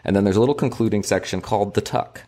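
A man co-hosting a podcast, reading aloud from a local history book in a measured, deliberate way. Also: lowish voice, dark tone. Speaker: podcast co-host.

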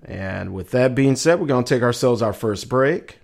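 A man's voice: medium pitch, expressive, normal speed, gravelly. A middle-aged man hosting a casual live talk show, reading out chat messages in a loose, chatty way. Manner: loose and chatty, trails off quietly, then livens up for segment intros.

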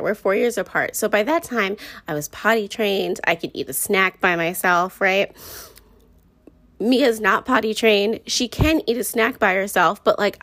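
A woman's voice: mid-range voice, fairly bright tone, no echo. A young woman hosting a casual solo podcast, rambling through stories with many fillers, tired and a little out of breath. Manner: rambling, filler-heavy storytelling. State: tired, catching her breath. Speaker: podcast host.

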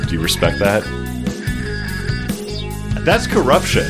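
A man's voice: on the low side, huge pitch swings, slow, loud music behind the voice. A man co-hosting a podcast in casual chat, laid-back and hesitant, laughing often. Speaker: podcast co-host.

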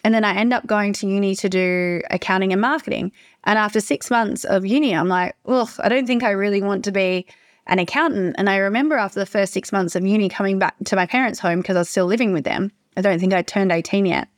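A young woman telling a personal story on a podcast, emotional and confessional, often repeating herself in quick bursts. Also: mid-range voice, no room sound, clean studio sound. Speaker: podcast host.

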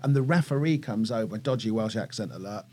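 Husky-voiced man telling a lively story. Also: lowish voice, quick pace. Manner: animated anecdote-telling, laughs often. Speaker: podcast host and storyteller. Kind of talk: casual podcast chat.

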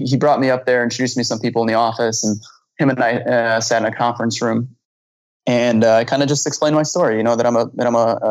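A man, a flight instructor, telling a story in casual conversation, animated and acting out dialogue, with frequent restarts and repeated words. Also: mid-range voice, no room sound, poor audio.

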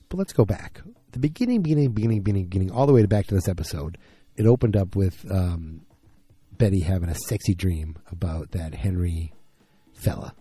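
A man's voice: low voice, mellow, slightly rough. A man casually recapping a TV episode in a rambling, conversational way, acting out the characters' lines.

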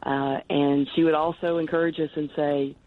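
A woman's voice: low-pitched, flat delivery, moderate pace. Earnest woman on a tinny phone line. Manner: earnest, rambling with many restarts. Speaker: guest, cancer charity director. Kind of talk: podcast interview over the phone.

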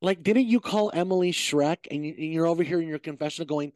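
A man hosting a casual gossip chat about reality TV, animated and profane. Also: fairly high pitch, fast, no room sound, clean studio sound. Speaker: podcast host.

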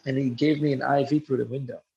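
A man's voice: mid-range voice, flat delivery, quick pace, creaky, a little mellow, slightly rough. A man telling a personal story in an earnest, reflective way, often restarting his sentences. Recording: muffled lo-fi recording.

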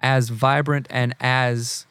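A man's voice: mid-range voice, level tone, slow, a bit bright, clean tone, no room sound. A man from the American South, talking casually as a podcast guest, earnest and full of examples, fillers and restarts. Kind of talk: casual conversation.

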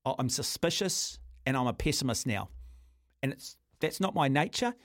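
Broadcasting from a radio studio with clean, echo-free sound, a man with a New Zealand accent runs an opinionated talkback show. His mid-range voice is fairly bright and lively at a normal pace, and he takes a blunt, confrontational line, often calling the caller "mate."

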